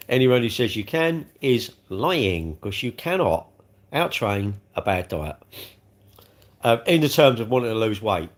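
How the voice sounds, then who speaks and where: A man hosting a casual livestream, chatty and rambling, often chuckling as he talks. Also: fairly low pitch. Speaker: livestream host. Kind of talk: casual live chat eating cake.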